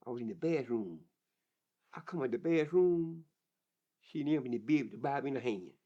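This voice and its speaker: A man's voice: mid-range voice, lively intonation, fairly quick, mellow. An older man telling his life story in an interview, plain-spoken and vivid, often repeating words as he goes. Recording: dull lo-fi recording.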